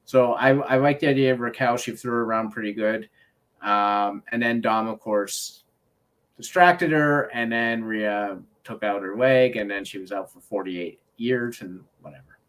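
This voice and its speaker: A man's voice: on the low side, moderate pace, a bit bright. Wry man, casual co-host. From Canada. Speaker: podcast co-host. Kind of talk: casual chat.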